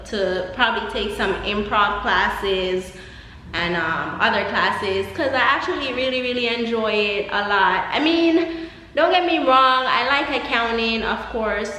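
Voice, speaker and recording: A woman's voice: on the high side, sharp tone. A young woman with a Jamaican accent chatting casually as a vlogger, laughing often and rambling through asides. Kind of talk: casual chat. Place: empty apartment. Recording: echoey empty room.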